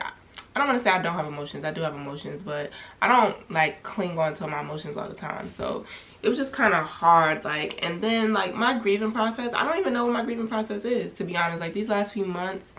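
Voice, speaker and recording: A woman's voice: mid-range voice, expressive, moderate pace, a bit bright. A young woman talking candidly to her camera in a casual personal vlog, rambling with many fillers as she reflects on grief. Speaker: vlogger.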